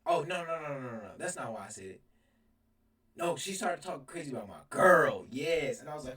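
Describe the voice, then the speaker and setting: A young man telling a rambling, animated storytime, laughing as he goes. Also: mid-range voice, moderate pace. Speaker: storyteller vlogger. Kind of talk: casual storytime. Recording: roomy sound from a distance.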